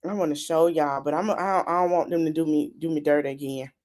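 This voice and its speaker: A woman's voice: low-pitched, steady tone, fast, a little mellow. A woman hosting a podcast, giving a chatty, dramatic recap of a reality show and talking straight to her listeners. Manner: chatty, dramatic reactions, talks to viewers directly. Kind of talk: casual recap commentary.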